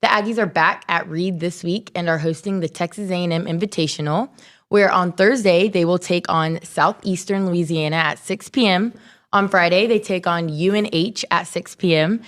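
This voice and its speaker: A woman reading sports news updates on a talk show in a brisk, upbeat way. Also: on the low side, fairly bright tone. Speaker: news and social media update reader.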